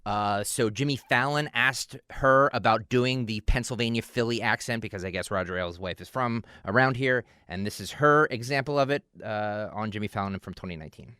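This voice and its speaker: Smooth low-voiced Philly radio host. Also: male voice, a little fast, few pauses, no room sound, studio quality. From Philadelphia area. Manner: relaxed, chatty, with filler words. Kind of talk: casual radio chat introducing clips.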